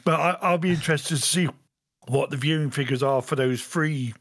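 A man's voice: on the high side, normal speed, fairly bright tone, dry recording. A man co-hosting a podcast in casual chat. He talks hesitantly, restarting his sentences and leaning on "you know". The sound is dry and close. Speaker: podcast co-host.

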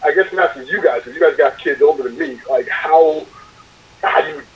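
A man's voice: fairly high pitch, a little fast, slightly rough. A young man, a father of a five-year-old, chatting casually and rambling with many fillers. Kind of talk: casual group chat. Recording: distant, dull, lo-fi mic.

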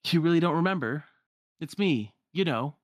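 A man's voice: fairly high pitch, expressive, moderate pace, no echo, studio quality, voice pushed up, natural voice. A man voicing a cocky young cloaked man who talks in brash, breezy quips.

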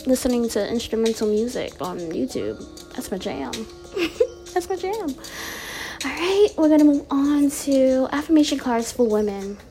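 A woman with a bubbly, playful manner reading affirmation cards aloud in a casual vlog, laughing often and repeating each card slowly. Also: on the high side, dark tone.

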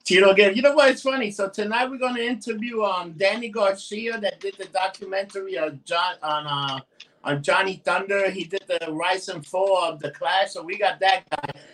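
A man's voice: sits high, normal speed, fairly bright tone, recorded from a distance. A man with a New York accent co-hosting a casual chat show, blunt and profane, laughing often. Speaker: podcast host.

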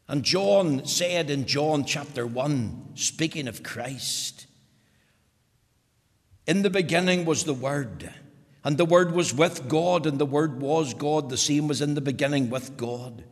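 A man's voice: fairly high pitch, slow. A man preaching a sermon with emphasis, building on rhetorical questions. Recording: long hall reverb.

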